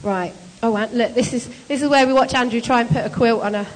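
A woman leading a group through a timed bed-making task, brisk, encouraging and teasing as she hands out jobs. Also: on the high side, steady tone, big-room sound. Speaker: shelter volunteer leader running a bed-making activity. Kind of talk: casual instructions to a group.

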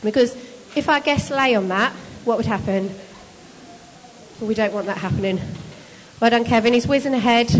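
Brisk, teasing woman in a hall. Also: on the high side. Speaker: shelter volunteer leader running a bed-making activity. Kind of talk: casual instructions to a group.

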